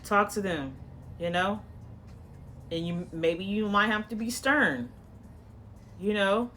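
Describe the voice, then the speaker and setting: Woman tarot reader, casual monologue, blunt and profane, coaching tone, rambles and restarts, mid-pitched voice. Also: takes it slowly, a bit bright, a little hiss or hum. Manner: rambling with frequent restarts and "you know".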